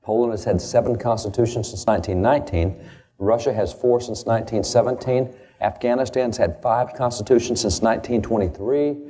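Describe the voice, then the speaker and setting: A man's voice: medium pitch, steady tone, fairly quick, mellow. A man giving a historical lecture, reading quotations aloud and stressing key words.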